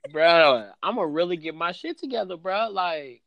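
Animated, slangy man chatting. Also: high-pitched, vocal fry, no echo. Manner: slangy, laughing, animated storytelling. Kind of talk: casual chat.

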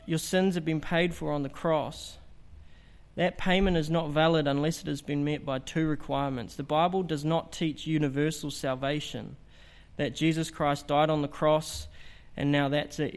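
Earnest man preaching, slightly high voice. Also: fairly even intonation, moderate pace. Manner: earnest, emphatic preaching with rhetorical questions. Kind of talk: evangelistic sermon.

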